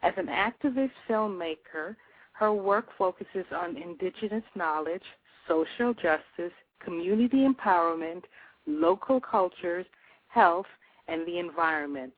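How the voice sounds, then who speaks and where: A woman with a slightly low voice hosts a radio show and reads a scripted introduction. She moves through a long list of credits in measured phrases, and her voice comes through a tinny phone line. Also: animated, dry recording. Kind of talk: reading a scripted guest introduction.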